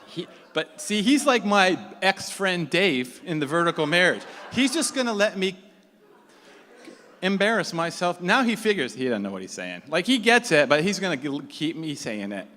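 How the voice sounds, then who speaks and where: A middle-aged man telling a self-mocking comic story live, animated and laughing along. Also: high voice, moderate pace. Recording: echoey hall, faint room noise.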